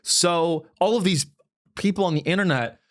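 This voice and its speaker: On his comedy podcast, a man with a high voice talks at normal speed in casual, rambling fashion. He curses freely and regularly launches into mocking impressions.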